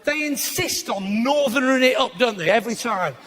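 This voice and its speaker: A man doing live stand-up comedy in a large venue, bantering with the crowd, mocking, and breaking into bursts of shouting. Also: very high-pitched, lively intonation, fairly quick. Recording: live show with loud audience laughter.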